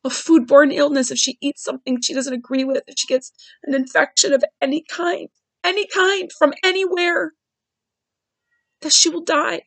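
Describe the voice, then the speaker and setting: A woman with a high voice tells a personal story on her podcast. She speaks earnestly and from the heart, often restarting her sentences. The sound is close and dry, with no room around it. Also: fairly even intonation, normal speed, fairly bright tone, no room sound, poor audio. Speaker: podcast host.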